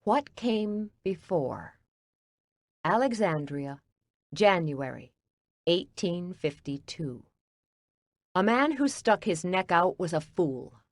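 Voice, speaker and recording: A woman narrating an audiobook in a measured, even storytelling delivery. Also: fairly low pitch, no echo.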